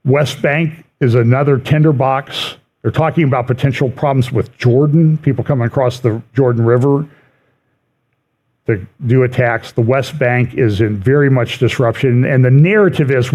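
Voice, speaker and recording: A man's voice: medium pitch, moderate pace, darkish tone. A middle-aged man giving a conversational church prophecy update, reading quotations aloud and adding wry asides.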